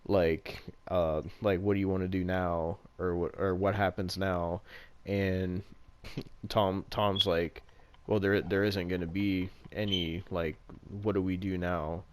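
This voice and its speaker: A man's voice: low voice, level tone, slow pace, clean tone. A man in casual chat, retelling a movie plot in a rambling way, with lots of "like" fillers and casual swearing.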